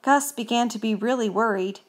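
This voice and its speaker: A woman reading a children's picture book aloud, expressive and unhurried. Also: fairly high pitch. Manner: slow, expressive storytelling. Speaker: storybook reader.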